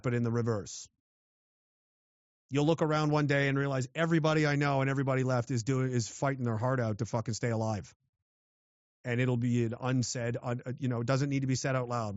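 A man's voice: mid-range voice, fairly even intonation, fast talker, dry recording, lo-fi sound. A man from western Canada, ranting sardonically and profanely while reading chat on a livestream. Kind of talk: rambling livestream rant.

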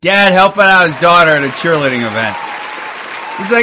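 A man streaming, giving crude, excited live reactions to video clips. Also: fairly high pitch, a little fast. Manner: excitable, crude, hyped outbursts. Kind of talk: profane live reaction commentary. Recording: muffled audio, crowd and noise behind.

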